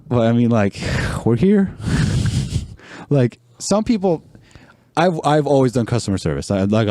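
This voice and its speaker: A man in his twenties chats casually as a podcast guest, acting out the people in his stories and laughing often. His voice is warm and mellow, and his pitch swings up and down a lot. The sound is dry and close. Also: no echo. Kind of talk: casual chat.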